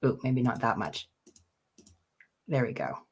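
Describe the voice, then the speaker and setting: A woman with a very low voice co-hosts a casual podcast. She explains her points in an earnest, careful way. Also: lively intonation, unhurried, darkish tone, slightly rough. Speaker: podcast co-host. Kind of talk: casual chat.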